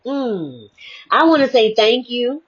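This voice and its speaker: A woman giving a lively spiritual motivational talk, swinging between hushed, reflective stretches and bright exclamations. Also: a little high, slow, slightly rough. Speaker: inspirational speaker. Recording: muffled lo-fi audio.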